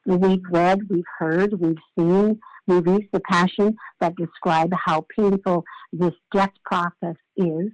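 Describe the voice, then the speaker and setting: A woman's voice: fairly low pitch, steady tone, slow, a little mellow, dry recording, rough recording. An older woman giving a devotional sermon in a reflective way, often repeating her key phrases. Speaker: preacher.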